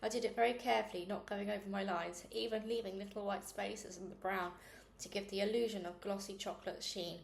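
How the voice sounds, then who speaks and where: A woman reading a children's novel aloud in a steady, earnest way. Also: mid-range voice, brisk, vocal fry, hardly any pauses. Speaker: reader. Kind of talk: storybook read-aloud. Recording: roomy echo with faint hiss.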